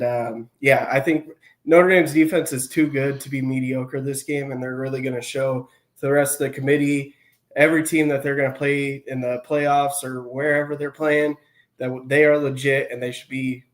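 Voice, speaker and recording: A man co-hosting a casual sports show, giving his picks in a relaxed, measured way with some hesitations. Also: mid-range voice. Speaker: co-host.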